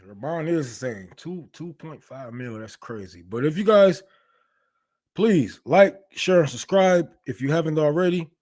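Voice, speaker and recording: A man's voice: on the high side, animated, a little slow, a little mellow, no echo. A man hosting a livestream in casual commentary, talking in a rambling way with heavy slang and lots of swearing. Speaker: livestream host.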